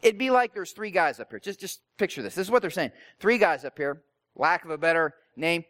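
A male pastor delivers a sermon in a relaxed, conversational way, asking rhetorical questions and tagging his points with "right?". His voice sits notably high for a man. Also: fairly quick.

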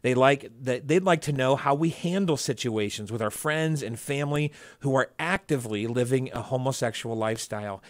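Male host, cheerful casual delivery, dry studio sound, average pitch. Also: moderate pace, no room sound. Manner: upbeat, laughs easily, many fillers. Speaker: podcast host. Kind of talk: casual podcast chat.

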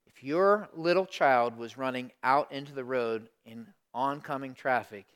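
A middle-aged man preaching a sermon as pastor, swinging from hushed asides to loud emphatic lines. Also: mid-range voice, unhurried, clean tone.

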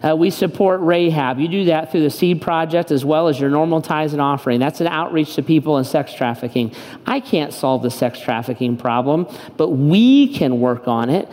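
A man's voice: fairly high pitch, moderate pace, a little mellow, long reverb tail. A man preaching a sermon as pastor, in an impassioned, emphatic way with lots of repetition. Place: church auditorium.

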